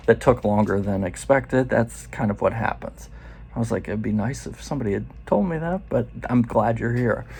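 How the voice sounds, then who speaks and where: A man's voice: medium pitch, gravelly, darkish tone, husky. A man in his forties telling a loose, profane story in a casual first-person way. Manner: loose and profane, quoting others in quick asides.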